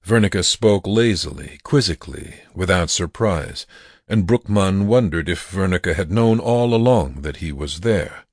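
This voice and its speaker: A man narrating a dark story as an audiobook, in a measured, grave manner. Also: deep voice, animated, no echo, clean studio sound.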